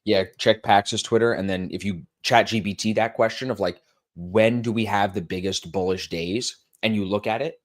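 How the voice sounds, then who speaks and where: A young male co-host chats casually, plugging his stream and telling self-mocking stories with lively timing. His voice sits on the low side. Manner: animated storyteller, self-mocking, quick promo patter.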